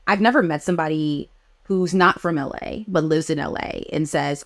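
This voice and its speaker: A woman's voice: low voice, moderate pace. A woman hosting a casual interview, talking in a playful, emphatic way and asking questions. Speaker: podcast host.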